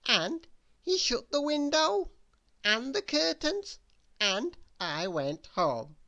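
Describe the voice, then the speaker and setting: Woman reading a bedtime story, super animated pitch, slow, dry close sound. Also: dry recording. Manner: expressive, first-person storytelling. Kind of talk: bedtime story read-aloud.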